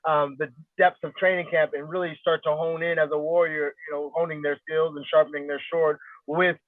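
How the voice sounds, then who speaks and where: A man's voice: on the high side, flat delivery, fairly quick, no room sound. A man, a guest fighter in a casual interview, talking confidently and rambling with lots of fillers. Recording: tinny phone-like line, dry.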